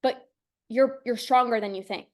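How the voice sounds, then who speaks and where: High-voiced energetic woman coach. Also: moderate pace. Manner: energetic, emphatic, repeats herself; speaks to listeners as "you guys". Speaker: binge eating coach, podcast host. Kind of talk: motivational monologue.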